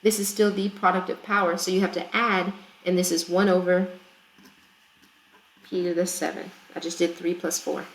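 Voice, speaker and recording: A woman's voice: lowish voice, flat delivery, normal speed. A woman teacher working through a math problem in a recorded lesson, chatty and explaining step by step with frequent checks for understanding. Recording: echoey room.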